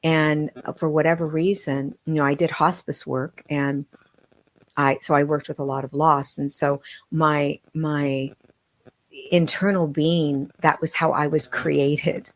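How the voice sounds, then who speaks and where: A middle-aged woman, a guest on a podcast, telling personal stories in an earnest, heartfelt way with halting restarts. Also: low voice, flat delivery. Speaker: podcast guest, medium and author. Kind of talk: emotional personal storytelling.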